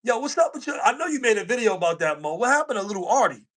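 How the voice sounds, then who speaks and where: Brief: New man, high-pitched, slangy livestream co-host who laughs a lot. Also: sing-song, rapid-fire, fairly bright tone. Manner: slangy, laughs often, repeats himself. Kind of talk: casual livestream chat.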